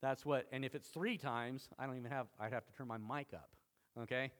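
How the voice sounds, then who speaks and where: A man's voice: mid-range voice, steady tone, a little fast, a bit bright. A middle-aged male pastor preaching a sermon, emphatic, with dramatic quoted lines.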